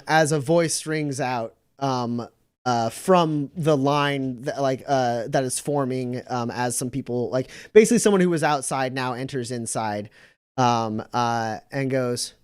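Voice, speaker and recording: A man's voice: mid-range voice, clean tone, no room sound, clean studio sound. A man narrating as game master of a tabletop game, rambling with many fillers and restarts.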